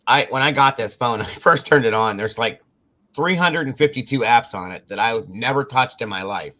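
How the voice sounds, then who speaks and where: A man's voice: medium pitch, normal speed, bright, forceful tone. A man hosting a live stream, chatting casually and teasing viewers, sometimes putting on a country twang. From Wisconsin. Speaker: livestream host. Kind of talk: casual chat.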